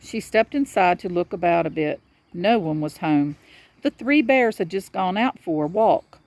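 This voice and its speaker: A woman reading a children's storybook aloud to a young child in a lively storyteller's manner. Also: lowish voice, moderate pace, no room sound.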